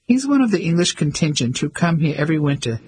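A spirited English woman, frank and dryly witty, as a male narrator voices her with a lifted pitch. Brisk storybook dialogue. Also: very animated, a little mellow, slight background noise, poor audio.

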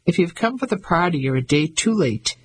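A man's voice: a little high, lively intonation, brisk, husky, rough recording. A man voicing an indignant, haughty Englishwoman who speaks defiantly in an audiobook reading. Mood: demanding. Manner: defiant, demanding.

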